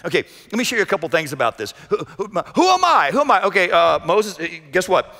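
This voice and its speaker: A man preaching a sermon as pastor, dramatic, swinging between shouted lines and hushed low passages. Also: sing-song, quick pace, hardly any pauses. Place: church sanctuary. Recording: echoey church hall. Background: long hall reverb.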